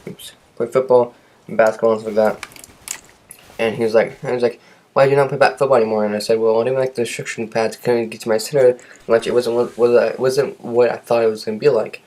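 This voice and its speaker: A man's voice: medium pitch, flat delivery, quick pace, darkish tone. Rambling teenage boy telling a story. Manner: rambling, self-deprecating, sarcastic asides. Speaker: vlogger. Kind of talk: casual storytelling vlog.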